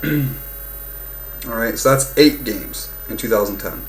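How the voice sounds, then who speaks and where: A young man ranting casually about football, heated and profane, swinging between loud outbursts and low muttering. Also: slow pace, a little hiss or hum, low-quality recording. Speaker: fan vlogger. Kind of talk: casual sports rant.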